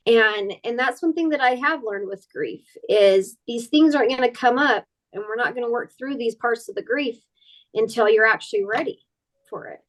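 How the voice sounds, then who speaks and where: An earnest, emotionally open woman speaks as a podcast guest, her voice sitting a little high. She rambles in loose, candid conversation, leaning often on "like" and "you know". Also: moderate pace, rough recording.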